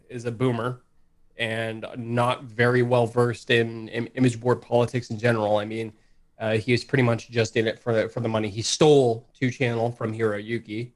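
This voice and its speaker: A man guesting on a live talk stream, speaking bluntly and profanely in a rambling casual way. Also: mid-range voice. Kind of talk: casual livestream chat.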